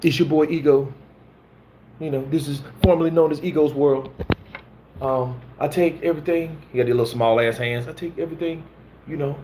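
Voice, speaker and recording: A man's voice: on the high side, fairly even intonation, normal speed, warm tone, a little hiss or hum, voice pushed up, natural voice. A man doing an impression of a brash, boastful male boxing streamer who brushes off critics. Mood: cocky. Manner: cocky, dismissive, hype-man delivery.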